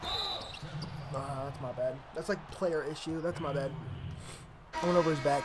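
A man's voice: fairly high pitch, a little slow, long pauses, music in the background. Trash-talking young man commentating a game. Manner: trash-talking, profane, mutters to himself. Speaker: gamer commentating his own basketball video game. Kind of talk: casual gameplay commentary. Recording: home recording with clear background noise.

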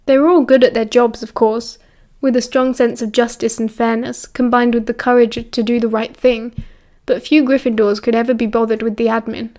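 British woman, audiobook narrator, steady measured storytelling, slightly high voice. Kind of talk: audiobook reading.

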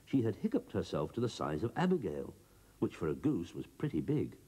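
A man giving a scripted children's storybook narration, expressive and bouncing between character voices. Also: low-pitched, brisk, breathy edge.

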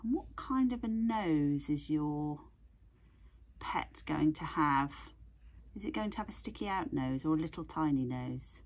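With a low-set, animated voice, a woman art teacher reads a picture book aloud at a moderate pace, barely pausing. She gently guides young children through drawing, asking questions along the way.

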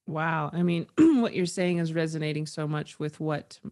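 A woman, a guest author, talking candidly in a podcast conversation with earnest, animated storytelling. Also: deep voice, moderate pace.

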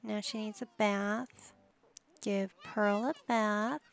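A woman chats her way through a life-sim game, telling her characters what to do like a patient but slightly exasperated parent. She speaks slowly, with a gravelly fry in her mid-pitched voice. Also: fairly even intonation. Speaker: gaming channel host. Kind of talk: casual gameplay commentary.

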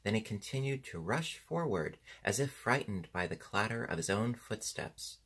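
A man narrates a storybook audiobook in a measured, expressive way. His voice sits low and a bit husky, with lively rises and falls that keep the telling animated. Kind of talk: scripted narration.

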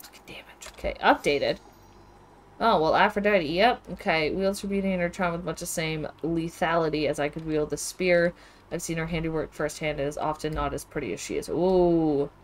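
A woman streaming a game from home, reacting aloud in casual, expressive commentary full of exclamations. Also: deep voice, moderate pace. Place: home with webcam.

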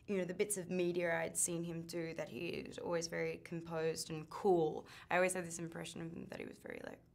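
A woman's voice: on the low side, little pitch movement, brisk, vocal fry. A woman from Australia, an actress chatting casually in an interview, full of "like" and "um".

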